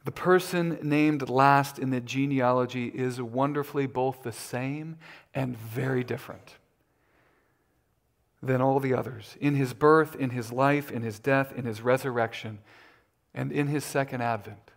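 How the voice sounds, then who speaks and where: A man preaching a sermon as pastor, deliberate and emphatic, his voice lifting when he makes a point. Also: medium pitch, steady tone, vocal fry.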